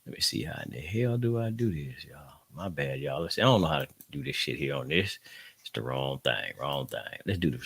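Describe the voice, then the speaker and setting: A man's voice: rumbling low, expressive, brisk, creaky, fairly bright tone, husky, dry recording. A man hosting a casual livestream podcast, rambling and talking straight to his listeners. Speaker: podcast host.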